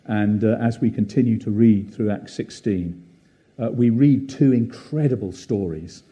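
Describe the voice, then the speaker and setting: A man preaching a gentle, reflective sermon at a church service, with frequent fillers and pauses. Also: on the low side.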